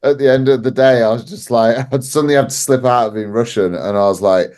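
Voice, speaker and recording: On a podcast, a wrestling promoter guest tells stories in a talkative, laugh-filled way, saying "like" constantly. He speaks quickly in a medium-pitched voice that is slightly mellow.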